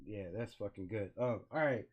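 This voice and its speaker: A middle-aged man from California with a slight Southern country twang, hosting a casual livestream and talking in excitable, profane, slangy banter. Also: fairly low pitch, moderate pace, breathy edge. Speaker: livestream host.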